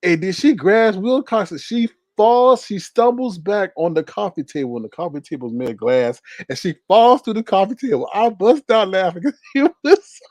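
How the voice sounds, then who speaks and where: A man hosting a casual livestream, retelling a story with lots of laughter and acting out the scenes in high voices. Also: lively intonation, normal speed, few pauses, a little mellow, no echo. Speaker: livestream host reading viewer comments.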